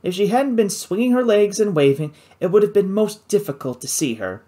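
A man narrating an adventure novel in the first person, with an expressive storytelling delivery. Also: high voice, fairly quick. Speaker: audiobook narrator.

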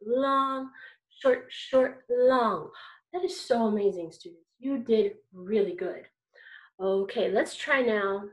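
A woman teaching an online kindergarten music lesson, encouraging and singsong as she chants rhythms. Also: on the high side.

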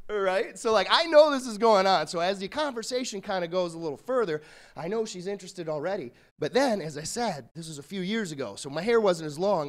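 A male comedian telling rambling, self-deprecating stories in a stand-up routine. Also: high voice.

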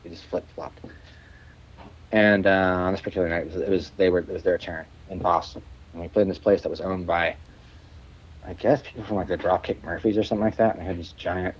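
A man's voice: deep voice, highs cut off. A man guest telling rambling stories in a casual interview, stammering, restarting and swearing freely. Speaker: musician guest.

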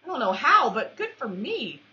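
A woman commentating her own shooter match, with playful trash talk, mock-formal quips and excitable yelps. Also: on the high side, moderate pace. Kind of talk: let's-play commentary. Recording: dull lo-fi recording.

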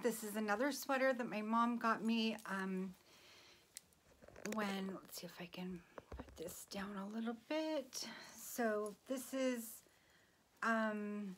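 Slow-talking giggly woman vlogger. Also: medium pitch, slight background noise. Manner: chatty, giggly, gushing, drifts into soft whispers. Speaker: vlogger showing gifts. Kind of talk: casual chatty haul video. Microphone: phone.

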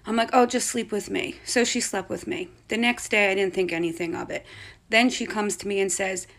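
A mother telling a spooky family story to camera in a casual, animated way, acting out the voices of the people in it. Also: medium pitch, a little fast.

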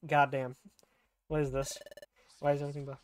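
A man's voice: fairly high pitch, level tone, brisk, slight background noise. A young man live-streaming a game, thinking aloud, laughing often and swearing as he plays.

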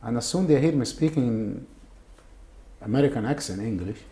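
In this interview, a Saudi man who speaks Arabic as his first language recounts his experiences haltingly, repeating words often in emotional testimony. He has a warm, medium-pitched voice with lively intonation. There's faint noise in the background.

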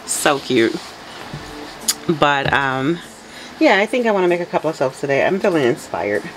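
A woman hosting her soap making channel, chatting casually to viewers with a raspy early-morning voice and frequent laughs. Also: low-pitched, sing-song, moderate pace, soft background music, low-quality recording. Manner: chatty, laughs often, talks to viewers directly. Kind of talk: casual tutorial chat.

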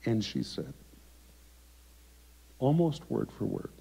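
A man preaching as a guest by video and telling a story dramatically, swinging from emphatic lines down to hushed ones. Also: fairly low pitch, very animated, takes it slowly, creaky, breathy edge. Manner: dramatic, emphatic, with sharp drops to quiet. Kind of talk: sermon storytelling. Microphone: remote video recording. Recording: echoey, dull lo-fi sound.

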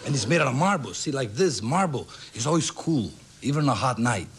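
A Brazilian-born man telling comic stories as a guest on a television talk show, breaking into squeaky voices for his characters. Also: sing-song, fairly quick, slight background noise. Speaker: guest entertainer.

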